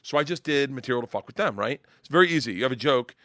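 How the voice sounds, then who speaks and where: A middle-aged male comedian telling wild road stories in casual chat, profane and rowdy, loudly acting out the people in them. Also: mid-range voice, animated, rapid-fire, no room sound, studio quality. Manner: profane, rowdy storyteller who acts out voices loudly. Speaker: comedian guest.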